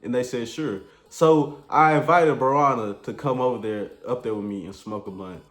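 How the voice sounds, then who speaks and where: A man spins a crude comedy storytime in a relaxed, slang-heavy, rambling voice of ordinary pitch. His voice rings around an echoey room, with faint music playing underneath. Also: normal speed. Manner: laid-back, slangy, rambling delivery.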